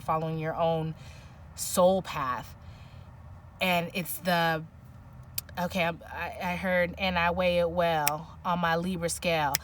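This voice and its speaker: A woman's voice: lowish voice, distant mic, slight background noise. A woman doing an intuitive tarot reading, musing aloud and searching for words, with many restarts. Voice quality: soft, emotional at times. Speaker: tarot reader.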